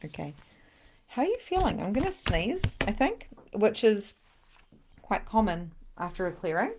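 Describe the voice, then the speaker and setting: A middle-aged woman, a spiritual coach leading a live guided meditation and chatting with viewers in a soft, soothing way. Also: medium pitch, very animated, moderate pace, background noise. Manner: soft, soothing guiding voice with breathy exclamations.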